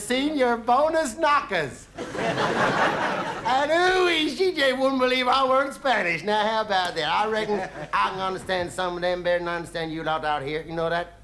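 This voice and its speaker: In a 1970s TV studio full of audience noise, a comedian delivers a cheeky stand-up monologue at a moderate pace in a high male voice. In character, he's a boastful, folksy American traveller with a fake Southern drawl who tells tall tales and whoops "ooh-wee."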